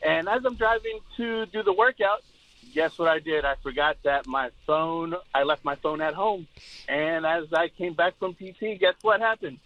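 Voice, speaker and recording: Halting male radio caller. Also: fairly high pitch, dry recording, lo-fi sound. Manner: halting, with many fillers. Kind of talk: telling a story on air.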